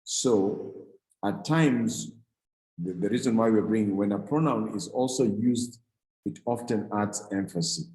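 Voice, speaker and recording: A male teacher works through a grammar lesson in a low, mellow voice. He explains patiently, pausing, restarting and correcting himself as he goes. The sound carries a noticeable room echo. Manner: explains slowly, with frequent restarts and self-corrections. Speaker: Greek teacher. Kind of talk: classroom lecture.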